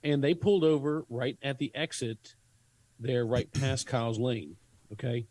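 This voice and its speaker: A man's voice: mid-range voice, steady tone, a little slow, a little mellow, no echo, rough recording. A man co-hosting a talk show who tells a story in a rambling way, restarting his sentences often. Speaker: co-host.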